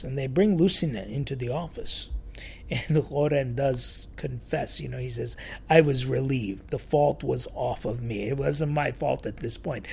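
A man telling a church story in a sermon, lively and acting out the quoted voices. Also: medium pitch, creaky, slightly rough. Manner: animated storyteller, acts out quotes.

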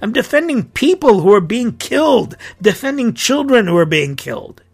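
A man's voice: very high voice, sing-song, normal speed, vocal fry, breathy edge. A middle-aged man, a priest hosting his own podcast, speaking in an earnest, indignant and emphatic monologue.

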